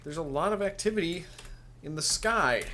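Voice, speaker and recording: A man's voice: fairly high pitch, expressive, normal speed, sharp tone. A man giving casual let's play commentary, sarcastic and grumbling, cursing and laughing at the game.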